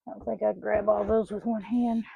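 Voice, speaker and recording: A farm vlogger speaks casually while tending an outdoor poultry pen on a small farm, sing-song scolding her hens like children. Her medium-pitched voice is husky with vocal fry, delivered flatly and fairly quickly. The recording is dry, dull, and lo-fi.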